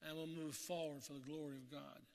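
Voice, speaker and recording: A pastor preaching a sermon in a heartfelt, pleading manner. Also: male voice, a little high, steady tone, a little fast, creaky, big-room sound.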